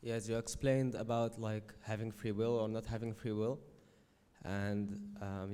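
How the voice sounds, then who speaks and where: A man's voice: on the low side, mellow, clear, resonant tone. A man in the audience asking the lecturer a question, hesitant and searching for his words. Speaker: audience member. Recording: long hall reverb.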